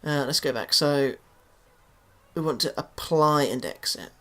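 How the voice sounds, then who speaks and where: An unhurried young gaming YouTuber from England offers loose, tentative commentary on his football game. His voice is on the high side, a bit bright, and his speech is riddled with fillers and restarts.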